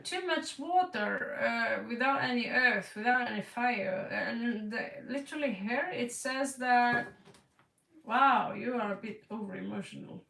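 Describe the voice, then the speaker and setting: A woman talks slowly and bluntly through a casual tarot reading, playful and quick to laugh. Her voice sits a little high with a gravelly edge. She sounds set back from the mic in an echoey room. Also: a bit bright, distant mic. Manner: blunt and playful, laughs and repeats words for effect. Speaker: tarot card reader.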